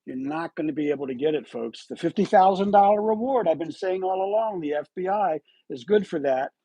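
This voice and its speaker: Husky man with an animated, lively pitch. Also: brisk, no room sound. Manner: rhetorical and accusatory, keeps asking "right?". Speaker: host of a live online true-crime commentary show. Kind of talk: live solo commentary.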